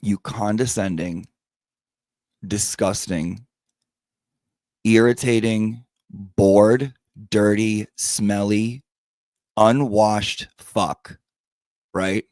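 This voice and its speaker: A man's voice: on the low side, drawn-out words, pauses often, darkish tone, dry recording. A man hosting a podcast, telling a story of a quarrel in a sassy, profane, dramatic way and acting out both sides. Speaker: podcast host.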